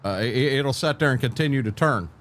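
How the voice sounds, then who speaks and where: An older man giving casual commentary as a game streamer, halting and repeating words as he thinks. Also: mid-range voice, lively intonation, a bit bright.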